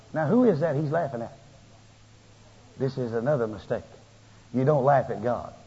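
Folksy preacher on old hall tape. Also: male voice, on the high side, slightly rough. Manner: folksy, animated preaching with rising emphasis. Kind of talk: sermon. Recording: lo-fi tape with long hall reverb.

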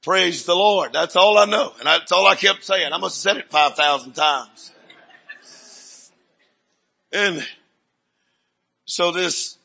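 An older man, preaching in a rambling, folksy storytelling sermon with sudden shouts. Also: high-pitched, takes it slowly, vocal fry, pauses often, slightly rough.

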